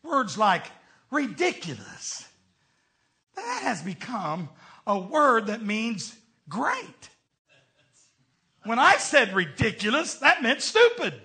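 High, lively folksy preacher man. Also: slow, pauses often. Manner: folksy storytelling preacher with humor. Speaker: pastor. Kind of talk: sermon.

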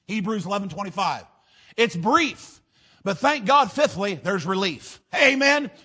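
High-voiced fiery preacher man. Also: expressive, unhurried, husky. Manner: rhythmic rhyming preaching, shouts on key lines. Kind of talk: fiery sermon.

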